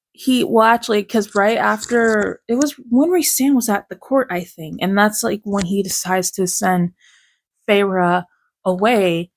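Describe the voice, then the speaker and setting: A woman making a casual reading vlog, talking through a book in a rambling, emotional way with lots of fillers. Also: medium pitch. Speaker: book vlogger.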